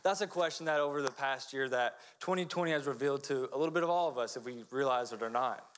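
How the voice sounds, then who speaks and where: A man's voice: medium pitch, fast, smooth. A man starting his sermon, direct, opening with a question to the audience. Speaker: next speaker at a church event.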